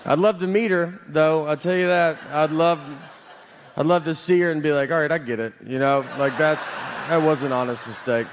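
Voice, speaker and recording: Man, deadpan stand-up, slightly high voice, faint noise behind. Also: normal speed. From Nashville, Tennessee. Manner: deadpan, rambling with many fillers. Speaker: stand-up comedian. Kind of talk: stand-up set.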